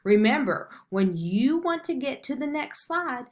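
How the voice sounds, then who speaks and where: A woman's voice: high-pitched, big pitch swings, unhurried. A woman teaching an online children's music lesson in an upbeat, encouraging way.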